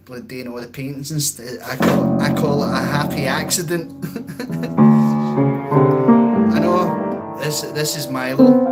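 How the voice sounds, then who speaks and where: Slow-talking Scottish man on a livestream. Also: mid-range voice. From Scotland. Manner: rambling, chuckly, answers viewer comments. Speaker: livestream host. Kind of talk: casual livestream chat.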